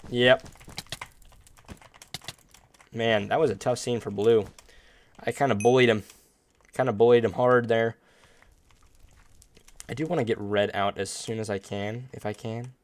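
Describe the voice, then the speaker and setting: A man's voice: mid-range voice, steady tone, measured pace, pauses often. Upbeat man giving casual gameplay commentary. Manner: upbeat, chatty, jumps to loud outbursts and playful groans. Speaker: gaming video host.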